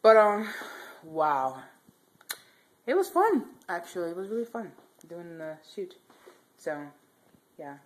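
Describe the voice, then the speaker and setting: A woman's voice: lowish voice, big pitch swings, takes it slowly, pauses often. A young woman vlogging casually at home on a handheld camera, chatty, giggly and rambling. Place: house, indoors.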